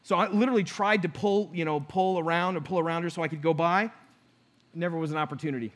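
A middle-aged pastor with a high, light, fairly bright voice preaches a sermon at a quick pace with fairly even intonation. He earnestly tells a personal story, acting out both sides of his conversations with God.

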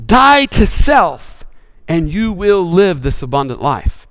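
Impassioned preacher man, high and lively. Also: slow, in a large hall. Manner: impassioned preaching with sweeping rises and sudden hushed drops. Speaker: pastor. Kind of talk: sermon.

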